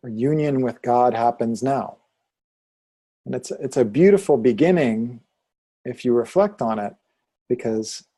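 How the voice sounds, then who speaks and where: A man teaching yoga philosophy and Sanskrit pronunciation in a calm, deliberate way, leading students to repeat after him. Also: mid-range voice, breathy edge. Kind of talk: slow, calm teaching with call-and-repeat chanting.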